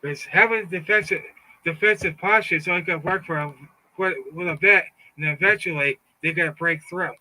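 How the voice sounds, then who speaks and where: A man's voice: sits high, a little fast, sharp tone, rough recording. A middle-aged man giving a fired-up, taunting political monologue, often stumbling and repeating words. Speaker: political commentator. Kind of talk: casual monologue.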